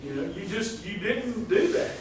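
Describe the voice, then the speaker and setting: A man's voice: high-pitched, very animated, normal speed, a crowd in the background. A man preaching a sermon in a church, telling homey, joking stories in a folksy way. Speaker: pastor. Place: church sanctuary. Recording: echoey hall, mic far off.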